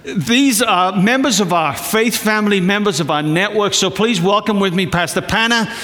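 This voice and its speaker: A man's voice: sits high, moderate pace, sharp tone. A man, a pastor, introducing guests to his congregation in a conversational, joking way. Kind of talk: church service introduction. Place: church hall. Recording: long hall reverb.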